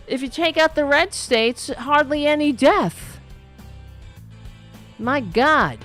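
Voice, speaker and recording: A woman hosting a live-streamed political talk show, ranting angrily and bluntly, with plenty of profanity and some quieter asides to the chat. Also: high-pitched, big pitch swings, a little slow, no echo, faint music behind.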